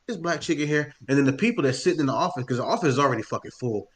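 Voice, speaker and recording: In a casual podcast chat, a man tells a story with animated, profane energy, performing the voices of the people involved. He speaks at a medium pitch and a rapid-fire pace.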